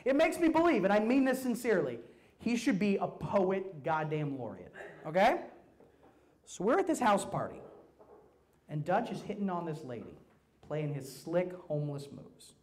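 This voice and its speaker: Brash, profane young stand-up comic. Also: male voice, high voice, normal speed. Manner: brash, profane, animated storytelling. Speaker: stand-up comedian. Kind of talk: stand-up routine. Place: comedy club stage before a live audience.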